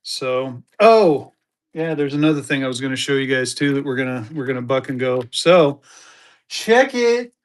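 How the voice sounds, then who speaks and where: A man's voice: medium pitch, animated, normal speed. A man hosting a live-stream currency auction, greeting viewers by name and urging them to bid. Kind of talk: live-stream selling chat.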